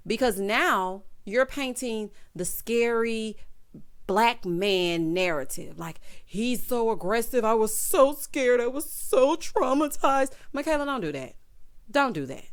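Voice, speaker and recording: A woman in her thirties giving sassy, animated commentary on a reality show, talking straight to her viewers. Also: mid-range voice. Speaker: reality show recap host. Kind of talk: casual commentary.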